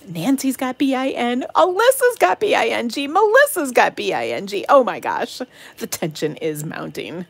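A woman's voice: fairly high pitch, very animated, moderate pace, creaky, breathy edge, no room sound. A middle-aged woman hosting an online craft game night, calling bingo numbers in a giggly, playful way and breaking into silly singing. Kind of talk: casual live-stream chat calling bingo. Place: home craft room.

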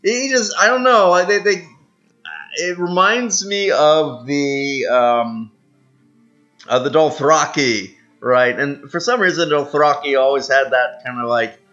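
A man's voice: medium pitch, takes it slowly, fairly bright tone, highs cut off. A man giving casual, rambling commentary on a strategy game, self-mocking, with lots of fillers. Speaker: gaming video host.

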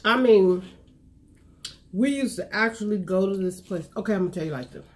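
A woman hosting a mukbang, chatting casually while eating, telling animated stories and humming as she savors each bite. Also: medium pitch, fairly quick. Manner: animated storyteller, lots of savoring hums. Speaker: mukbang host.

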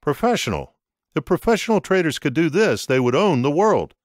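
Man doing a wry older tycoon, measured speech, higher pitch, dry sound. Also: sing-song, no echo. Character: older male Japanese business tycoon, wry.

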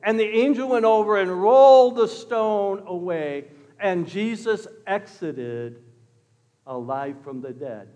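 A pastor telling a story in a sermon, swinging from loud exclamations to hushed words. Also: male voice, high voice, slow pace, big-room sound. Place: church.

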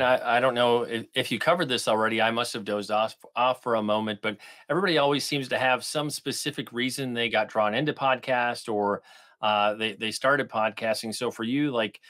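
A middle-aged man talks through a video call at an ordinary pitch. He hosts a live podcasting class in a relaxed way, often pausing on fillers. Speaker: podcast host.

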